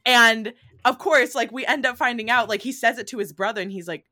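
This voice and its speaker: A woman's voice: on the high side, fairly even intonation, normal speed, hardly any pauses, bright, forceful tone. A woman co-hosting a podcast in casual chat, telling a story with many fillers and laughs.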